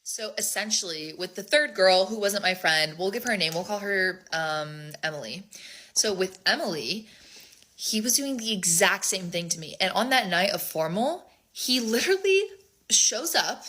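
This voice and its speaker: A woman's voice: medium pitch, lively intonation, normal speed, bright, forceful tone. A young woman telling a storytime in a casual, chatty way, full of "like".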